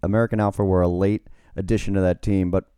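A man co-hosting a casual podcast chat, easygoing and measured, often playing devil's advocate. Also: sits low, level tone, warm tone, smooth, no room sound, clean studio sound. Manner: easygoing, plays devil's advocate, many fillers. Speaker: podcast co-host.

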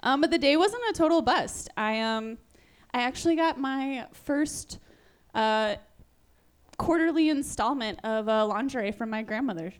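A woman in her twenties performing a stand-up set, dry and self-mocking, halting with frequent ums. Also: on the high side, clear, resonant tone. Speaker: stand-up comedian.

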